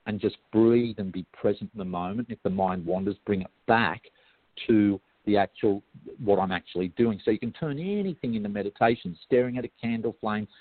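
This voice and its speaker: Australian man, guest expert, lowish voice, rambling and friendly, tinny call audio. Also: no echo. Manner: chatty, digressive, self-interrupting. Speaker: guest hypnotherapist. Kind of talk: casual explanatory interview talk. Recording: tinny phone-like line, dry.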